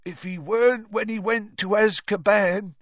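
Guy doing a slow grim driver, drawn out words, muffled dry audio. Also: high-pitched, steady tone, no echo, pitched above the performer's own voice. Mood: gloomy. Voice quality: slow, dark. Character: slow gloomy male bus driver. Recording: dull lo-fi audiobook.

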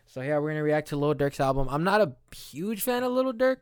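A man's voice: fairly high pitch, very animated, a little fast, smooth, no echo, studio quality. A man hosting a podcast, chatting loosely as he reacts to an album, full of "like" and "you know what I'm saying". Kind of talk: casual reaction chat.

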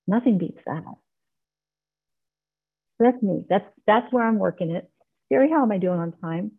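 A woman's voice: mid-range voice, lively intonation, normal speed, creaky, slightly rough. A middle-aged woman giving an earnest, heartfelt personal share as a member of a recovery meeting, speaking on a video call. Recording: tinny online call audio.

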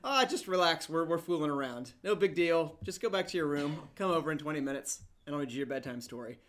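A man's voice: fairly high pitch, animated, fast talker, a bit bright. A man voicing a laid-back father in a crude joke, speaking in a breezy, offhand way. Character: unbothered middle-aged dad in a crude joke.

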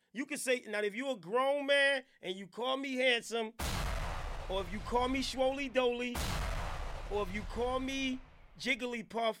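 A man from New Jersey, a radio host, chatting casually on a live stream and shouting out viewers with loud hype. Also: high voice, a little hiss or hum.

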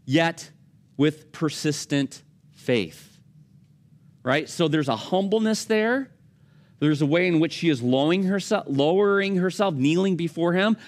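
A man preaching a conversational sermon, acting out the lines of the people in his stories. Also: medium pitch. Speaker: pastor.

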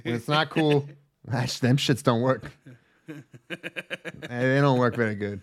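A man's voice: mid-range voice, takes it slowly. A man co-hosting a casual anime review podcast, joking around and acting out scenes from the show in goofy voices. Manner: jokey, acts out characters in silly voices. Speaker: podcast co-host.

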